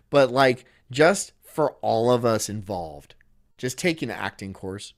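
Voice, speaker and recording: A man's voice: medium pitch, lively intonation, slow pace. A man streaming casually, reading chat and rambling through crude jokes that he often laughs at himself.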